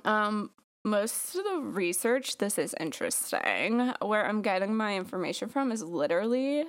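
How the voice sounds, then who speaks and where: A woman's voice: medium pitch, sing-song, moderate pace. A woman hosting a casual podcast, chatty and giggly, rambling with many fillers. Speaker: podcast host. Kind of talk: casual chat.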